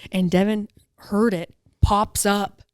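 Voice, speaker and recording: A woman co-hosting a podcast tells a funny story in a casual chat. Her voice is smooth and clear, recorded close and dry. She acts out the quotes as she goes. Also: medium pitch, steady tone, slow, darkish tone, dry recording. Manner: says "dude" and "like" a lot. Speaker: podcast co-host.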